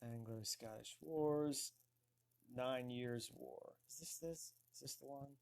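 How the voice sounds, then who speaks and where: A man hosting a casual online talk show, slowly thinking aloud as he looks things up on a computer. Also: medium pitch, gravelly, a little mellow. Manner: slow, thinking aloud while searching. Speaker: host.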